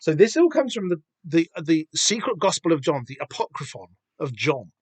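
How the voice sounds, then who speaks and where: A man's voice: on the high side, sing-song, moderate pace, breathy edge, no room sound. A man hosting a podcast, chatting casually and rambling about a comic with lots of fillers and restarts. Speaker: podcast host. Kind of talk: casual comic read-through chat.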